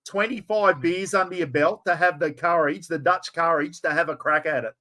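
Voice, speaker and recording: Fairly high and sharp-toned, this man's voice moves at a normal speed as he hosts a podcast. He's Australian and keeps things laid-back and conversational, swearing now and again.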